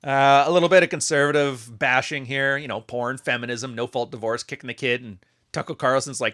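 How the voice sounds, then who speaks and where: Sardonic, swearing man with a bright voice. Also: mid-range voice, steady tone, brisk. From Canada. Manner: sardonic, swears freely, rambling asides. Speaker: commentator. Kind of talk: casual profane commentary on social media posts.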